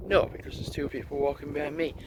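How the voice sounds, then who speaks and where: Walking his dogs on a country road for his vlog, a man talks fast in a slightly high, steady voice. The background is noisy, and his talk is casual, rambling, and thought-out-loud.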